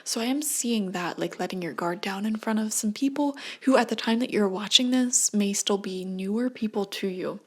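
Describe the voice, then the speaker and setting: A woman giving a relaxed tarot reading late at night from her home. She keeps her voice hushed and often slips into a soft whisper. Her talk is chatty and rambling, full of little tangents, at an everyday middle pitch for a woman. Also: normal speed, few pauses. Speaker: tarot reader. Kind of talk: casual tarot reading to camera.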